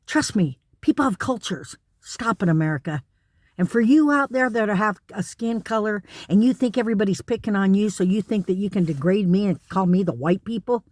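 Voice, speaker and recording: A woman's voice: mid-range voice, a little mellow, no room sound, clean studio sound. A woman ranting to camera in an indignant, emphatic way, repeating words for stress. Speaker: vlogger. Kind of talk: direct-to-camera rant.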